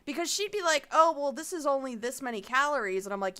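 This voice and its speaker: Woman, married, bright voice, animated casual talk, curses a lot. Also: high voice, fast talker. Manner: animated, profane, lots of "like". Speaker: co-host guest. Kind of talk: casual chat.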